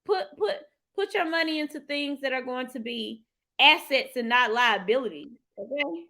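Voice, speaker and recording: A woman speaks to her live-stream viewers in a high, bright voice with a lot of swing in her pitch. She delivers a heartfelt motivational talk, breaks into sudden whoops and keeps calling her audience "y'all", as if she were in a phone or webcam live. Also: expressive, moderate pace. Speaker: livestream host and financial coach.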